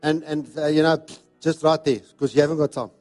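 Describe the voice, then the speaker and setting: A pastor preaching a sermon in an emphatic, repetitive cadence. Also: male voice, a little high, steady tone, a little fast, darkish tone, soft background music. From South Africa.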